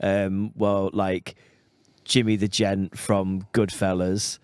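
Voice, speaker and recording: Male podcast co-host, low pitch, dry close mic, cynical sweary banter. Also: flat delivery, darkish tone, clear, resonant tone, no echo. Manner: cynical, sweary, quick asides. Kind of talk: casual chat.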